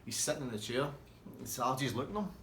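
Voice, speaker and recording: A man's voice: medium pitch, expressive, fast talker, a bit bright, echoey room, slight background noise. A man telling a rambling, swear-heavy anecdote in a casual way. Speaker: storyteller.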